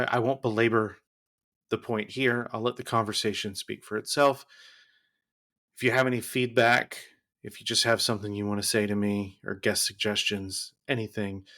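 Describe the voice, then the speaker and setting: Male podcast host, low voice, relaxed conversational delivery. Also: vocal fry. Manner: conversational, thoughtful, occasional repeated words. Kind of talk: podcast interview.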